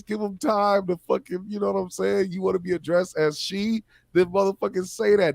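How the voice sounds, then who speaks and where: A man chatting on a podcast, with a somewhat high voice recorded dry and close. He tells stories in a relaxed, profane way. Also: gravelly, no room sound. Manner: laid-back storytelling, profane, laughs often. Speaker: podcast co-host. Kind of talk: casual chat.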